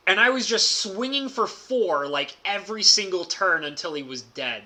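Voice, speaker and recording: A man with a strikingly bright, forward voice tells a casual story as a streamer. He talks excitably and leans heavily on "like" fillers, laughing as he goes. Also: sits high, moderate pace. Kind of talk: casual storytelling about a card game.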